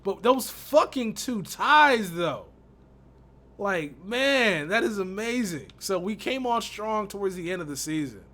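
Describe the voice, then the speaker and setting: Young male gaming YouTuber from Texas, casual and exasperated, bright and slightly high-pitched. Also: animated, a little slow. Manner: exasperated, slangy, laughs often. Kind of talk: casual gameplay commentary.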